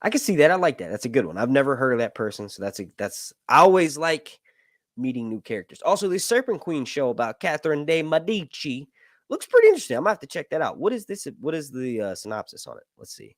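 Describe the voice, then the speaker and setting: A young man hosting a casual live stream, chatting with viewers in a jokey, animated way and swearing casually. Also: medium pitch, fast talker, no room sound, clean studio sound. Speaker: YouTube host reading viewer chat.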